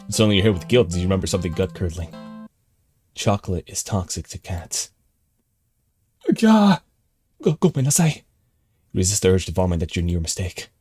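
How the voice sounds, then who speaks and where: A male streamer reading a text game aloud and reacting live, jumping between calm narration and excited outbursts. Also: low voice, quick pace, slightly rough, no echo, soft background music.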